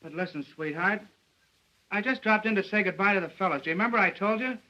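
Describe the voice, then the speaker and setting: Brash wisecracking reporter. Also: male voice, high voice, sharp tone, lo-fi sound. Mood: coaxing. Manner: fast, cocky, wheedling. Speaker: newspaper reporter. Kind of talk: 1930s film acting.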